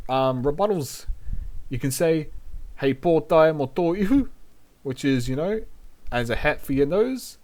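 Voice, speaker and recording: A man's voice: mid-range voice, darkish tone. A young man, a VTuber host giving a laid-back, profane language lesson and laughing often. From New Zealand.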